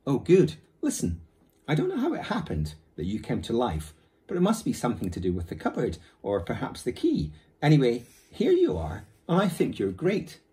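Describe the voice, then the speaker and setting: A man reading aloud and voicing an eager young boy who pleads quickly and earnestly. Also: wildly swooping pitch, mellow. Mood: eager pleading. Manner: fast and pleading, rising high.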